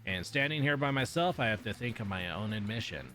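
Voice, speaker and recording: A man's voice: on the low side, animated, fairly quick, bright, forceful tone, faint music behind. A man streaming himself reading a visual novel aloud in a casual way, with swearing and offhand asides.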